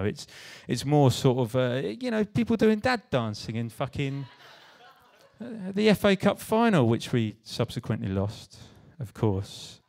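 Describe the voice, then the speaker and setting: An English man from the West Country gives a casual, stand-up style creative talk at a live venue in a medium-pitched, gravelly, darkish voice. He banters with the audience, jokey, sweary and self-deprecating.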